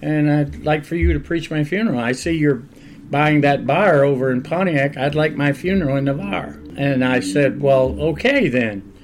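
An older man, a pastor, telling stories in a relaxed, conversational interview and laughing often along the way. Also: fairly high pitch, normal speed, a little hiss or hum. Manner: animated anecdotal storyteller, laughs often.

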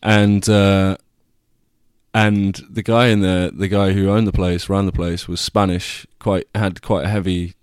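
A man's voice: low-pitched, flat delivery, measured pace, smooth, no room sound, clean studio sound. A young man vlogging, telling a rambling, self-deprecating story with casual swearing.

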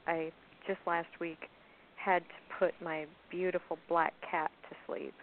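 A woman calling in to a poetry radio show, speaking softly, slowly and deliberately. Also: on the low side, flat delivery. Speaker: caller and poet. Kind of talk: phone-in conversation. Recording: tinny phone line with faint hiss.

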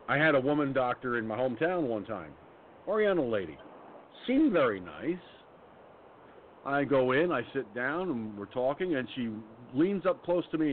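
A man hosting a radio talk show who tells stories in a blunt, angry, profane rant. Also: medium pitch. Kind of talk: ranting personal storytelling. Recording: phone-like line with faint noise.

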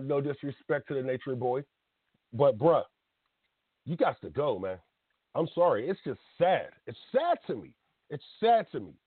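A man's voice: fairly high pitch, no room sound. Guy in his 30s going off on a blunt rant, voice swinging all over, tinny phone sound. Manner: blunt, emotional rant with laughs and restarts. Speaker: podcast host. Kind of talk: casual call-in wrestling talk. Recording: dry phone-line sound.

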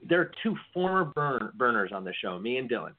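A man's voice: mid-range voice, very animated, fairly quick. Man chatting on a tinny lo-fi line. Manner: rambling, repeats words when starting sentences. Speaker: podcast co-host. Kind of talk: casual political chat. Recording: tinny phone-like lo-fi audio.

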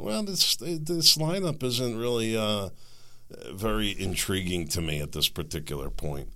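A man's voice: lowish voice, animated, unhurried, bright, forceful tone. A man hosting his own podcast in a rambling, joking, self-deprecating comic monologue. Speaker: podcast host. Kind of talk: comedic solo monologue.

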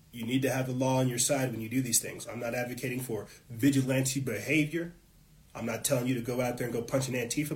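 A man hosting his own show, delivering an impassioned political monologue, fired up and swearing often. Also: mid-range voice. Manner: fired up, profane, preachy. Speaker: show host.

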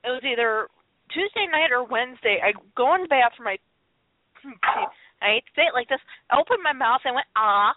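A woman's voice: high-pitched, animated, fairly quick. A woman chatting casually as a podcast co-host, telling a long rambling story with frequent laughs and restarts. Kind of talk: casual chat. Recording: tinny phone-line audio, dry.

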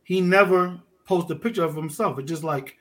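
Animated high-voiced man telling a story. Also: moderate pace. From Detroit. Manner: animated, profane street talk, acts out dialogue. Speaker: podcast guest, underwater photographer. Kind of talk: casual storytelling chat.

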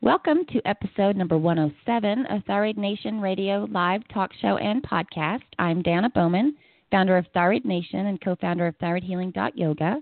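Southern lady cohosting, excitable chatter, phone line sound, super dry. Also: medium pitch, brisk, dry recording. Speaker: podcast co-host. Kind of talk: casual radio chat. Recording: phone-like, dry call-in audio.

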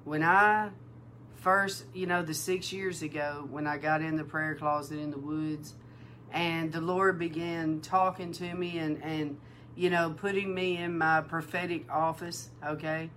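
A woman minister giving a sermon-style testimony, animated and emotional, acting out the dialogue in her story. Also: sits low, unhurried, a little hiss or hum. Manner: emotional, near tears. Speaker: prophetic minister.

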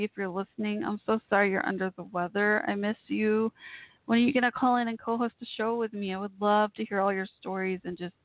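A woman's voice: medium pitch, no echo. A woman hosting a live call-in show, chatting in a rambling, friendly way with lots of fillers and restarts. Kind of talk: casual live chat show. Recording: tinny phone-line sound, dry.

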